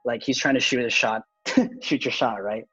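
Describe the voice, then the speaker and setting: A man's voice: medium pitch, moderate pace, sharp tone, husky, muffled recording. A young man casually telling a personal story, rambling with lots of fillers and swearing.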